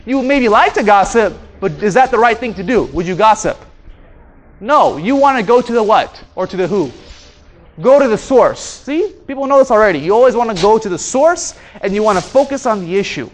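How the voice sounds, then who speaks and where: A man's voice: high voice, normal speed. A man giving a motivational training talk to an audience about conflict, acting out the people in his stories. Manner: animated, acts out dialogue with voice changes. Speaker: speaker and trainer.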